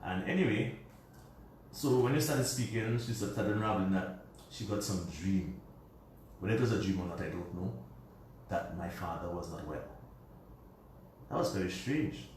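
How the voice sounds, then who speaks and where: Low-voiced man telling a story. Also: moderate pace, pauses often, darkish tone, slight background noise. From Dominica. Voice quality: meandering, colloquial storytelling. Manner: puts on his father's voice when quoting him. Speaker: radio show guest. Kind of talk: personal storytelling in a radio interview. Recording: very roomy recording from a distance.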